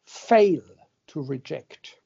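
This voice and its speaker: Speaking very slowly with vocal fry, a man lectures at a university, joking around and often checking on his listeners in a conversational way. His fairly high voice is warm and husky, with lively intonation, and the recording has its highs cut off.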